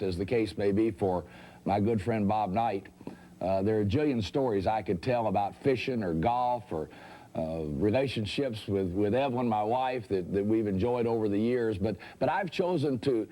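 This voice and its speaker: A man's voice: fairly low pitch, mellow. A man delivering a roast toast with dry irony, often restarting his phrases. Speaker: roast speaker.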